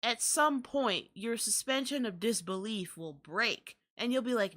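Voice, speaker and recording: A woman's voice: a little high, measured pace, few pauses, a bit bright. A young adult woman hosting a podcast, ranting in exasperated, profane commentary. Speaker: podcast host.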